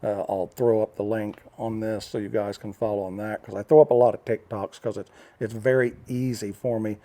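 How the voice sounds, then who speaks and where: A man's voice: fairly low pitch, flat delivery, fairly quick, mellow. An older man from the United States telling a story in a casual talking-head vlog, rambling with fillers and restarts. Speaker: vlogger.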